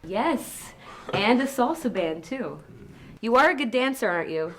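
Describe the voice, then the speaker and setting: A woman's voice: fairly high pitch, expressive, a little slow. A woman acting in a scripted learner dialogue as a chatty office worker who laughs easily. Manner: upbeat, chatty, laughs often. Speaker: office worker in a lesson video.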